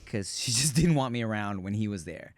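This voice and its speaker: A man's voice: fairly low pitch, animated, a little fast, no echo, clean studio sound. A man co-hosting a podcast, telling a family story in casual chat, laughing often and swearing freely. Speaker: podcast co-host; father of a young daughter.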